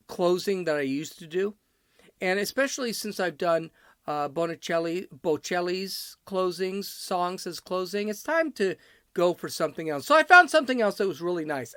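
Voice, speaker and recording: A man's voice: sits high, pushed and bright, no echo, clean studio sound. A middle-aged man from Chicago hosting his own solo podcast, rambling, blunt and opinionated, often breaking off mid-sentence. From Chicago, USA. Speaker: podcast host.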